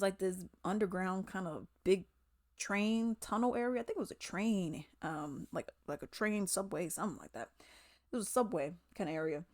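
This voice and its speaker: A woman vlogger giving her opinions in a casual, animated commentary with slangy, drawling speech. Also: medium pitch, no room sound, studio quality.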